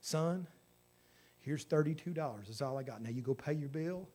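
A man preaching voices a calm, kindly older male president in a hushed, gentle tone. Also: a little high, moderate pace, a little hiss or hum, pitched below the performer's own voice, close to an everyday voice.

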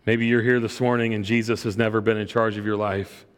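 The recording, made in a church sanctuary, has a long hall reverb around a middle-aged pastor's sermon. His lowish voice is clear and resonant with little pitch movement, and he speaks briskly. He tells a personal story earnestly, repeatedly doubling words at the starts of phrases.

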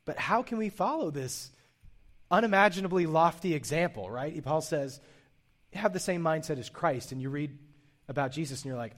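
A man's voice: medium pitch, moderate pace. A man preaching a sermon in an earnest, conversational way, with frequent restarts and asides. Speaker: pastor.

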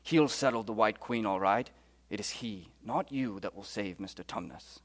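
A man reading aloud and voicing a kindly male talking beaver in a put-on British accent, speaking softly. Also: lowish voice, normal speed, voice pushed down. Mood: hushed earnest. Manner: hushed, storybook reading aloud.

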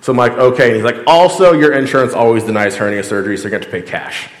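A man's voice: mid-range voice, expressive, very fast, echoey room, big-room sound. A man, a pastor, giving a casual storytelling sermon, chatty and full of acted-out dialogue. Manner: conversational, acts out quoted dialogue, frequent "like".

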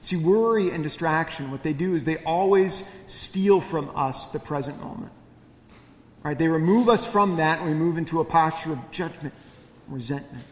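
A male pastor preaches conversationally, frequently posing questions to the congregation. His voice is a little high at a moderate pace, and the sound is roomy, like a big room.

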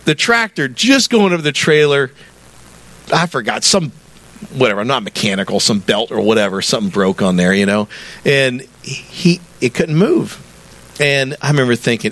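Man preaching a lively sermon. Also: mid-range voice, moderate pace. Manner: conversational, animated preaching with rising emphasis. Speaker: pastor. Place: church sanctuary.

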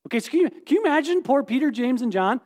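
Sex: man. Role: pastor. Style: sermon. Pitch: very high for a man. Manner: animated, playful, questioning the congregation. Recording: echoey hall reverb. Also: fast talker. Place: church sanctuary.

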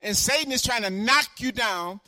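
Older male pastor, fiery repetitive sermon delivery, high bright voice. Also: moderate pace, no room sound, clean studio sound. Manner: fervent preaching, swings from shouting to quiet asides; repeats phrases for emphasis.

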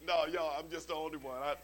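A man's voice: on the high side, a little fast, rough recording. A man preaching a sermon as pastor, telling stories with humorous asides and often repeating his words as he starts a sentence. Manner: animated storytelling with humorous asides.

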